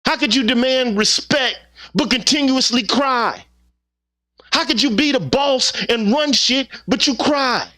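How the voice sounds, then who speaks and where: A man's voice: very high-pitched, unhurried, bright, forceful tone. A man hosting his own channel, delivering a heated opinion monologue with profanity and repeated rhetorical questions. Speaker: channel host.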